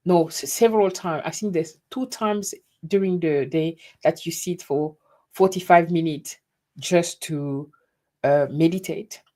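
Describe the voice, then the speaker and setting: A woman's voice: on the low side, unhurried, warm tone. A woman from France with a French accent, hosting a casual livestream, greeting viewers by name and often restarting her sentences. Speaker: livestream host. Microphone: webcam livestream setup.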